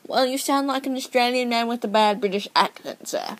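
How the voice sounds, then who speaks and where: A woman's voice: fairly high pitch, brisk, slight background noise, natural voice. A woman doing a smug, overly polite operator. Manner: overly polite, keeps saying sir. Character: deadpan male helpline operator, smugly polite. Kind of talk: comedy sketch acting.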